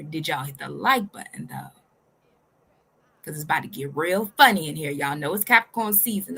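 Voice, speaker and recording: A woman's voice: fairly low pitch, very animated, normal speed, gravelly, a bit bright, husky. A woman hosting a reaction video, giving casual, sassy and profane commentary while teasing her viewers.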